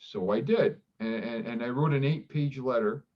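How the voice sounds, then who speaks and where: Reflective man guest, lo-fi sound. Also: medium pitch. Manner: reflective, halting with many restarts; acts out quoted dialogue with livelier voice. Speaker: doctor in recovery, guest. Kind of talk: candid interview conversation.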